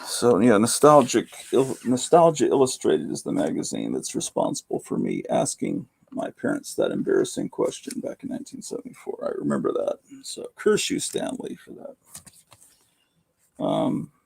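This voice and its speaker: Hoarse man in his fifties, rambling livestream host, very gravelly, dark and husky tone. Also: lowish voice, wildly swooping pitch, moderate pace. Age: 50s. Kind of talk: casual late-night livestream chat. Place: home at night.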